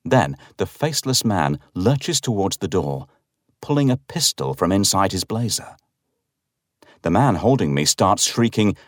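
A man giving a dramatic, expressive first-person narration of a horror story. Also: on the low side, dry recording, studio quality.

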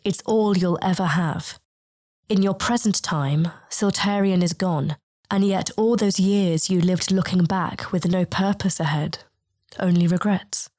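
A woman voicing a calm, solemn star being. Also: on the low side, lightly acted. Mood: warning. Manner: slow, measured, soothing. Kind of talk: audiobook character reading.

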